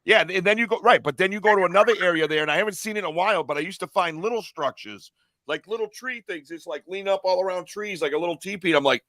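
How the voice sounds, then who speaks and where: A man hosting a podcast, talking loudly and excitedly in casual chat, with some swearing. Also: high voice, fast, no echo. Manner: loud, animated, cursing. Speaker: podcast host.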